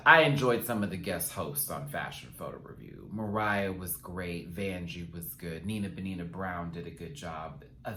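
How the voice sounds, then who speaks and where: A man's voice: sits low, moderate pace, few pauses, sharp tone. A man giving a sassy, chatty, rambling recap rant of a reality TV episode as the show's host. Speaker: reality TV reviewer. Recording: roomy echo.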